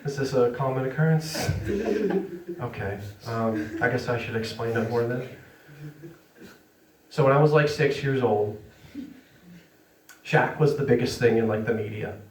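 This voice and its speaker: A man's voice: medium pitch, unhurried, pauses often, recorded from a distance, a little hiss or hum. A man doing a stand-up set in a comedy club. He is self-deprecating, laughs through his lines and keeps checking in with the crowd. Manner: chatty and checks in with the audience. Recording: roomy, from away from the mic.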